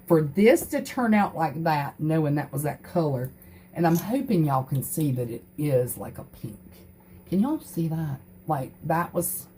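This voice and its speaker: A woman's voice: low-pitched, a little mellow, slight background noise. A middle-aged woman hosting a crafting livestream, chatting earnestly and greeting viewers by name. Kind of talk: casual livestream chat.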